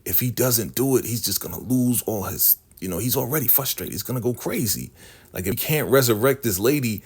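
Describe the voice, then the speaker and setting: A man's voice: mid-range voice, expressive, brisk, darkish tone, husky. A man casually recapping a TV episode, telling the story with street slang and acting out the characters. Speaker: TV recap vlogger.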